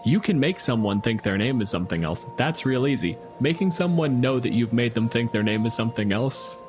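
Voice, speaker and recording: A man's voice: medium pitch, expressive, a little fast, a little mellow, faint music behind. A man narrating a tabletop game as game master, with wry, dramatic storytelling.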